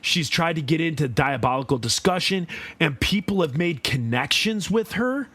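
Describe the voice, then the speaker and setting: A man's voice: a little high, expressive, moderate pace, a bit bright. A man co-hosting a comedy podcast, joking around in casual chat. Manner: joking, slips into silly put-on voices. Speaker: podcast co-host.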